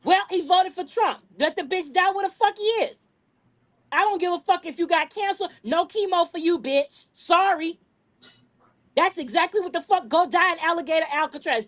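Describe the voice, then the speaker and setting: A woman with a high voice hosts a live-streamed podcast. She talks in a fierce, profane, insistent way. She often restarts and repeats words as she presses each point. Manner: aggressive, profane, emphatic; repeats words when heated. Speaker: podcast host.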